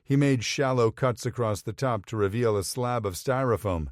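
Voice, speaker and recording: A man reading a romance story aloud in an even, measured way. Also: mid-range voice, no echo, studio quality. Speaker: audiobook narrator. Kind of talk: scripted narration.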